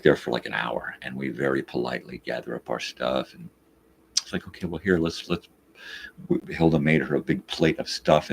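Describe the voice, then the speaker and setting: A bass-voiced morning show host, live on air, recounts a story in an exasperated, swearing, casual way. He performs both sides of the quoted exchange with animation, over a faint hiss or hum.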